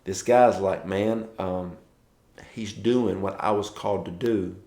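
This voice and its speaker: A man's voice: low voice, fairly even intonation, takes it slowly, mellow, reverberant. A man giving a casual morning devotional as a pastor, telling stories and acting out quoted dialogue in a conversational way.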